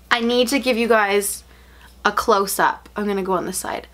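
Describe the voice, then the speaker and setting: A woman talking casually in an unboxing vlog from her bedroom, gushing, excitable and rambling. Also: mid-range voice, fast talker. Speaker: unboxing vlogger.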